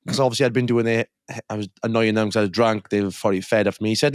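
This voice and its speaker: A man's voice: fairly low pitch, rapid-fire, no room sound, clean studio sound. A young man in his twenties, co-hosting a podcast and telling a story in casual chat, acting out the voices of the people in it. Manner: animated storyteller, acts out quoted voices. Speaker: podcast co-host.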